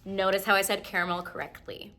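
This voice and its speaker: A woman's voice: medium pitch, level tone, brisk, sharp tone, a little hiss or hum. A young woman from Eastern Europe hosting a casual snack taste test, chatty and giggly with many "like" fillers. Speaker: host.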